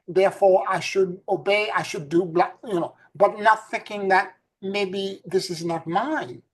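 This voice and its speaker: A woman's voice: mid-range voice, unhurried. A woman co-hosting a casual spiritual discussion, telling stories with many stammered restarts. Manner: stammering restarts, animated storytelling.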